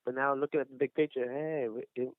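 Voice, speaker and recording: A man's voice: mid-range voice, steady tone, fast talker, no echo. Man on a tinny, dry line. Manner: rambling, many restarts and fillers. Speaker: guest, small business owner. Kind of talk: casual faith testimony. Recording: dry, tinny phone-like sound.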